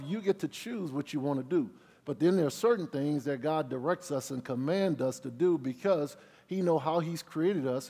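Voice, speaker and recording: A man preaching a sermon as pastor, calling out questions to the congregation, dropping low for asides and rising loud on key words. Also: big-room sound. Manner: drops low for asides, rises loud on emphasis.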